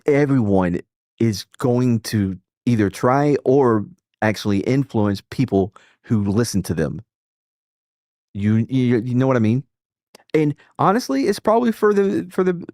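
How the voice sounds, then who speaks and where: A man's voice: mid-range voice, a little mellow, no echo, studio quality. A man hosting a casual live stream who rambles and swears, with frequent restarts. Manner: rambling and profane, with many restarts and self-interruptions. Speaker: streamer and host.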